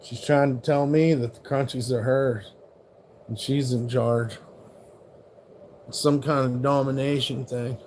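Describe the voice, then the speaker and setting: A man's voice: medium pitch, fairly even intonation, unhurried, long pauses, darkish tone, slight background noise. A man casually chatting on his live stream at home, swearing freely and teasing his dog about its food. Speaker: livestream host.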